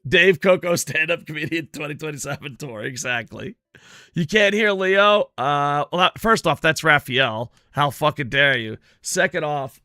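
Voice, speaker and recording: A man streaming a video game, chatting casually with viewers in a profane, rambling, animated way. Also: mid-range voice, no room sound, clean studio sound. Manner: chats with viewers while playing. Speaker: gaming streamer. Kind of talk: casual live-stream chat over gameplay.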